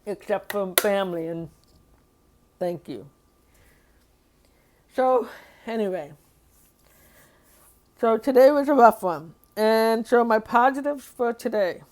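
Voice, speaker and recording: A woman's voice: on the high side, lively intonation, takes it slowly, long pauses, darkish tone. A woman talking through a hard day in a personal diary vlog, rambling and emotional, with sighs and nervous laughs. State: upset and overwhelmed. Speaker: vlogger.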